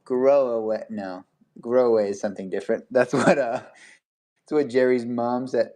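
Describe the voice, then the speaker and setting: A man's voice: mid-range voice, fairly even intonation, moderate pace, warm tone. A young man hosting a casual livestream, chatty and laughing often as he rambles through stories. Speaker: livestream host.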